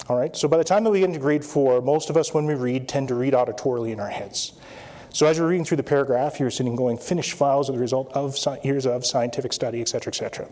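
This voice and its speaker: Man, conference presenter, mid-pitched voice, interactive, keeps checking in with the room. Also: dark tone. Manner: interactive, repeats "all right?" often. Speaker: anesthesiologist presenter. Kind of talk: conference talk. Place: conference hall with audience.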